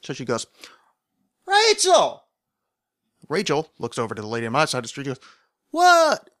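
A man tells a rambling story on his own podcast, wry and self-deprecating, with plenty of "uh" and restarts. His voice sits at an ordinary middle pitch. The recording is close and completely dry. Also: rapid-fire, a bit bright, no echo. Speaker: podcast host. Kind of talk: casual storytelling monologue.

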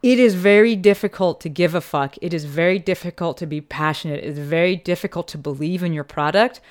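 A woman's voice: on the low side, brisk. A woman hosting a podcast and talking casually and earnestly, with the occasional swear word. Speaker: podcast host; physical therapist.

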